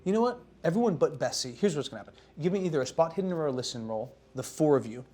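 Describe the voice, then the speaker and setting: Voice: mid-range voice, lively intonation, mellow. Chatty game master running a horror tabletop game. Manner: loose, chatty, quick asides.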